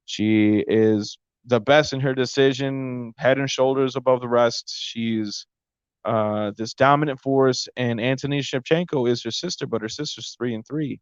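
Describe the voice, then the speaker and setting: A man's voice: mid-range voice, moderate pace, smooth, dry recording, muffled recording. A man hosting a podcast, recapping fights in a casual, rambling monologue and stumbling over names. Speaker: podcast host. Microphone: close mic.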